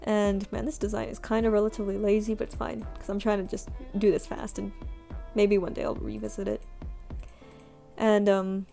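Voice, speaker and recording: A woman's voice: medium pitch, flat delivery, moderate pace, gravelly. A young woman streamer chatting casually while she draws, rambling and self-deprecating with many fillers. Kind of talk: casual chat while drawing. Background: soft background music.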